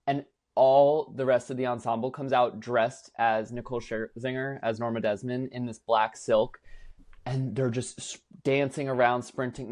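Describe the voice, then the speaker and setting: A young man co-hosting a podcast, telling a story with animated enthusiasm and casual swearing. His pitch sits right in the middle for a man. He talks in a relaxed, chatty way. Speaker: podcast co-host. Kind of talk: casual chat.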